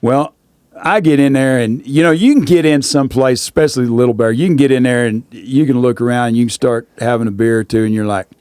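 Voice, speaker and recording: A man's voice: medium pitch, fast talker, a little mellow, clear, resonant tone, no room sound. Man telling a rambling rodeo story. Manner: drawling, rambling anecdote with repeated "I said". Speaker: rodeo announcer and guest. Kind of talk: casual storytelling.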